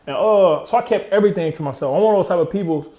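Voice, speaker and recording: Man in his thirties, streetwise guest storyteller: rapid-fire slang, slightly raised pitch, roomy echo. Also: mellow. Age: 30s. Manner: streetwise, emotional, heavy slang, trailing off. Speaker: interview guest. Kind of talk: candid storytelling interview.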